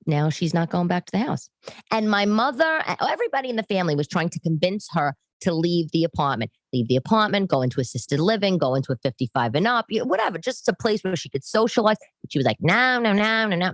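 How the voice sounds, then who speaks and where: A woman's voice: on the low side, very animated, brisk, no room sound. A woman in her forties with a New York accent, a comedian hosting a podcast from her living room, rambling on in a chatty monologue full of asides.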